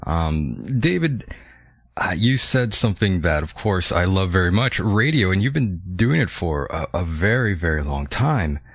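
Male interviewer, very low gravelly voice, husky, dry muffled lo-fi sound. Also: very animated, a little slow, fairly bright tone, dry recording. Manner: agreeable, encouraging listener. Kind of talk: casual interview.

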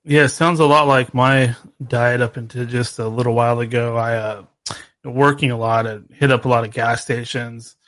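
A man hosting a casual interview, easygoing and halting with fillers. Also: mid-range voice, steady tone, a bit bright, no room sound. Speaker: host.

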